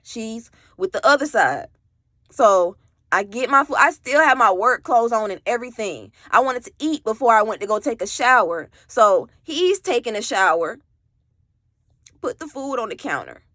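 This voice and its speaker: Young woman, bright tense voice with a slightly raised pitch, candid storytime vlog with lots of "like", recorded dry and close. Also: animated, moderate pace, no echo. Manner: rambling, frequent "like" and swearing, candid. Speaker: vlogger telling her own story. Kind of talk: casual storytime monologue.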